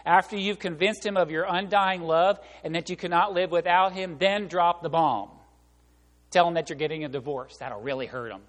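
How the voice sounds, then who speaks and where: A man with a high voice preaches to his congregation. He is animated and talks to the room directly, acting out the people he quotes. His voice carries a long reverb, as in a large church sanctuary. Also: moderate pace. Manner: animated, acts out voices and quotes, laughs along. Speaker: pastor. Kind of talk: sermon.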